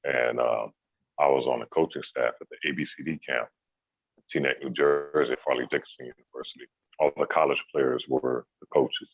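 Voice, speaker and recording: A man, a former basketball player, telling a story in a relaxed, casual interview, with a husky voice. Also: very deep voice, normal speed, narrow, tinny audio. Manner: relaxed, laid-back, many "you know"s.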